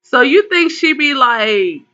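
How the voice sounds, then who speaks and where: A high-sitting, very animated female voice with a sharp tone, delivered slowly, hosts a live tarot call-in. She reads what viewers write and speaks to them with casual worry, using pet names. The stream audio is dull and lo-fi.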